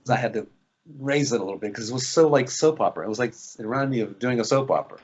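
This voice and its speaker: Husky guy rambling through an interview, lowish voice, muffled lo-fi sound. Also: very fast. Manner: rambling, many fillers and restarts. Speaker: actor guest. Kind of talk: casual interview chat.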